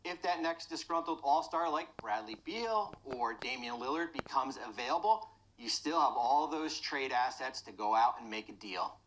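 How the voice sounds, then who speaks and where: A man lays out a sports trade case in a calm, matter-of-fact way. His delivery is steady and analytical, like a studio analyst making his point. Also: medium pitch, moderate pace, hardly any pauses, low-quality recording.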